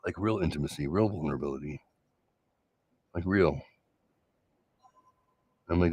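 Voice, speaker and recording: A middle-aged man hosting a solo late-night show, talking through love and conflict in a sarcastic, reflective way with many halting restarts. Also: sits low, a little mellow, husky. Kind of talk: late-night personal monologue.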